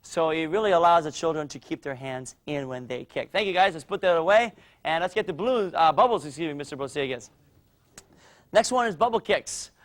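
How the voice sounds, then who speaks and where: A man teaching a martial arts class for young children, explaining drills and loudly cheering the kids on. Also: fairly high pitch, a little fast. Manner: energetic, coaching and cheering children on. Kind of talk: instructional demo with kids.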